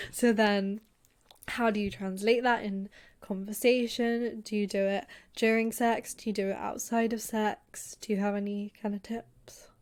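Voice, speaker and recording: Woman, mid-pitch, podcast co-host, frank and chatty. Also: flat delivery, measured pace, darkish tone. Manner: frank, advice-giving, leads the questions. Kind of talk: casual chat.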